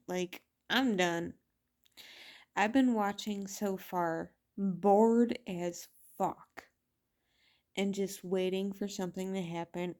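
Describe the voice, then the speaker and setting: A video reviewer, a woman with a fairly low, mellow, dark-toned voice, vents in a casual vlog. She speaks slowly and bluntly, swearing a lot, and her exasperation never lets up.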